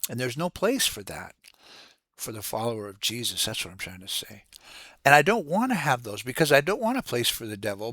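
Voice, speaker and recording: A man giving an earnest, casual devotional talk, halting and restarting as he repeats words. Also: mid-range voice, a bit bright, no room sound. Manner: earnest, preacherly. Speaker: host of a Christian devotional channel.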